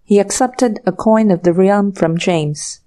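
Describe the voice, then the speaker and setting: A woman narrating an audiobook short story in a measured, unhurried way. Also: mid-range voice, dark tone. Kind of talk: scripted narration.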